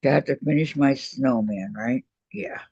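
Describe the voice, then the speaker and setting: A man hosting a crafting video call, chatting casually and laughing often, with his voice going hoarse. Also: medium pitch, unhurried, dry recording. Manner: chatty, laughs often, greets viewers warmly. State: losing his voice. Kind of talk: casual chat while crafting. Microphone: computer microphone on a video call. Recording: dull lo-fi video call audio.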